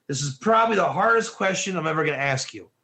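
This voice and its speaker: Man, Torah teacher, high voice, emphatic, rhetorical questions, online class. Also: expressive, fast talker, bright, forceful tone.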